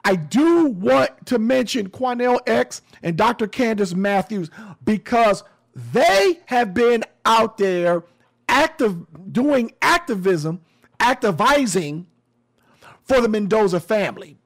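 A man's voice: high-pitched, animated, slow pace, vocal fry. A man giving casual commentary on a news story, talking to his audience in a conversational, emphatic and sometimes sarcastic way. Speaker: commentary host.

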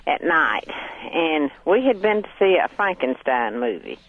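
A woman's voice: low-pitched, very animated, unhurried. Older woman on a tinny phone line. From Hartwell, Georgia, USA. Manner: chatty, laughs often while telling a story. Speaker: radio caller. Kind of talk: casual storytelling on a call-in show.

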